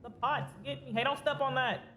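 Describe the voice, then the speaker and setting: A woman's voice: high voice, steady tone, fairly quick, a bit bright, a little hiss or hum. A woman streamer giving chatty, giggly commentary while playing a video game and talking back to its characters. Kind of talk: casual gameplay commentary. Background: faint game music.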